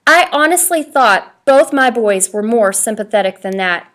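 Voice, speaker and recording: A woman's voice: on the high side, lively intonation, moderate pace, fairly bright tone. A woman reading a firm, scolding mother.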